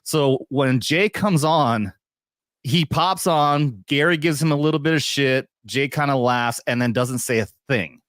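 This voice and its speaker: A man's voice: medium pitch, unhurried, fairly bright tone, dry recording. Brief: young man host, casual and rambling, swears freely, dry close-mic sound. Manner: rambling, profane, laughs often. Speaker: YouTube show host. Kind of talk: casual chat.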